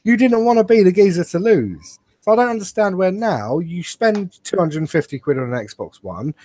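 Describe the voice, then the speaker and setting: A young British man co-hosts a laid-back podcast, cursing freely and mocking his mates in teasing banter. His voice is high and darkish, with lively intonation at a moderate pace.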